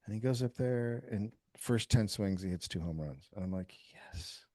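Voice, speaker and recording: A man who is a comedian guest, telling a story in casual podcast chat, animated and profane, acting out quotes. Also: fairly low pitch, moderate pace, dry recording, studio quality.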